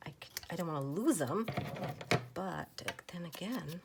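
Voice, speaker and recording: A woman softly murmuring to herself as she arranges stamps and paper pieces in a journal, often slipping into a whisper. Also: fairly low pitch, lively intonation, measured pace, gravelly, very noisy. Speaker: journal crafter. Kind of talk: soft-spoken crafting chat.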